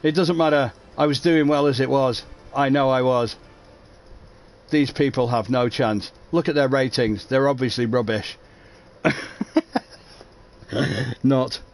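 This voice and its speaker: A man's voice: mid-range voice, fairly even intonation, measured pace, pauses often. A man chatting casually on a racing livestream, rambling and making self-mocking jokes. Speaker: race streamer, commentator.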